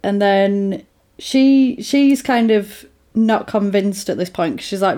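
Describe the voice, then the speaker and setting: A woman's voice: mid-range voice, slow. A woman chatting casually, retelling a film plot and acting out the characters' lines as she goes. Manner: animated storyteller, acts out lines with laughter.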